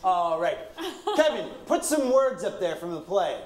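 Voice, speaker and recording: A man hosting a live comedy show, giving loose, halting instructions with chuckles. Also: sits high, very animated. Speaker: game show host. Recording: echoey room with loud live audience.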